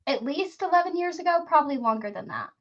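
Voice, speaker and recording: A woman's voice: high-pitched, fast, lo-fi sound. A woman casually telling a story on a podcast, acting out the voices of the people in it. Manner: animated, acts out quoted voices.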